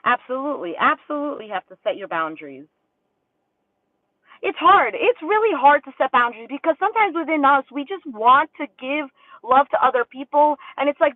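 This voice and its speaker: A woman's voice: high-pitched, big pitch swings, fairly quick, no room sound. Tinny-sounding woman giving a rambling tarot reading. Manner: rambling, acts out inner thoughts in quotes. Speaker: tarot reader. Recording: tinny phone-like dry sound.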